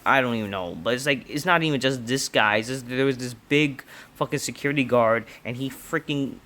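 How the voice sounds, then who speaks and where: A young man rants through a wrestling show review in a casual, exasperated way. His voice is bright and forceful, and he swears often and pads his sentences with fillers. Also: mid-range voice, fairly quick. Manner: profane, exasperated, heavy with fillers.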